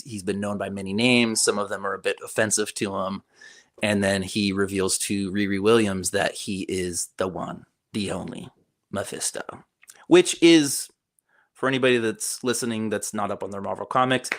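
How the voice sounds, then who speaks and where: A man's voice: fairly low pitch, moderate pace, no echo, studio quality. A man co-hosting a podcast, enthusiastically recapping a show in rambling casual chat. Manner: enthusiastic, rambling with many fillers and restarts. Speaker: podcast co-host.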